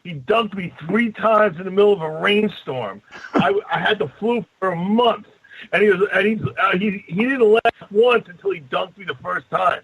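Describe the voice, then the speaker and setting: A man telling an animated story on a radio show, husky and acting out the voices. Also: sits high, normal speed, no echo, poor audio. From New York. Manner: animated, acts out voices in his anecdotes.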